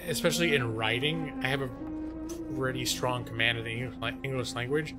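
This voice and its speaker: A man's voice: medium pitch, fairly even intonation, a little fast. A man chatting casually on a live gaming stream, rambling and self-deprecating, with casual swearing. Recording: faint music behind.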